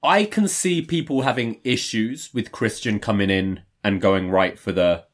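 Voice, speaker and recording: A man co-hosting a wrestling podcast, giving his opinions in a thoughtful, measured way during casual chat. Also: fairly low pitch.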